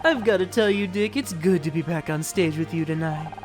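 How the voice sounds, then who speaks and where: A man voicing a polite female co-host of an awards show, speaking in a bright, polished presenter tone in a game. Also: a little high, fairly quick, music in the background, pitched below the performer's own voice, natural voice. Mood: cheerful.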